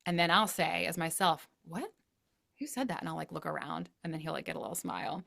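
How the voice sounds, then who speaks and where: A woman who is a parenting educator and a guest, chatting casually, telling lively stories with frequent laughs. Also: low-pitched, fast, gravelly. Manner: animated storytelling, laughs often, acts out voices. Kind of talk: casual interview chat.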